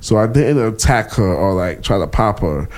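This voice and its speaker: A man co-hosting a casual podcast, his pitch leaping all over as he acts out stories. He is blunt and profane, and he brings his kids' voices to life while he talks. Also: expressive, normal speed, a little mellow. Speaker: podcast co-host. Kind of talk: casual chat.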